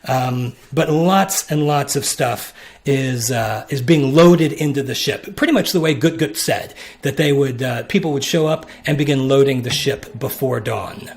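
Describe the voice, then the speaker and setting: A man narrating as game master, talking in a halting way with many restarts. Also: mid-range voice.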